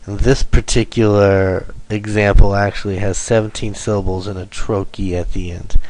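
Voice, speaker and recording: A man's voice: lowish voice, level tone, normal speed, a little mellow, poor audio. A male teacher giving a lesson, explaining step by step and correcting himself as he goes. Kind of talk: lecture over slides.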